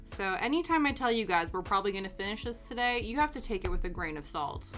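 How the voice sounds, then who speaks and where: A young woman chatting casually while she crafts on a stream, self-deprecating and quick to laugh, with soft music playing behind her. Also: mid-range voice, animated. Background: soft background music.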